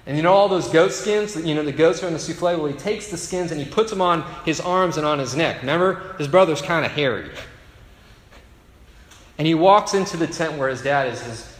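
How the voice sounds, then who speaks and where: A man's voice: on the high side, a little fast. A male pastor telling a story in a sermon, conversational with rhetorical asides. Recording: echoey hall reverb.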